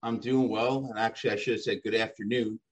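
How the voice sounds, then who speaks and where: A man interviewing a guest, asking calm, gently probing questions. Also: fairly low pitch, fast, breathy edge.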